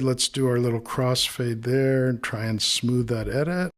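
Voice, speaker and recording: A man in a relaxed tutorial, walking through audio edits step by step. He thinks aloud, replays short snippets and drops quiet asides while he works, at an even middling pitch. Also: moderate pace, hardly any pauses. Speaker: audio editing instructor. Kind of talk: screen-recorded editing tutorial.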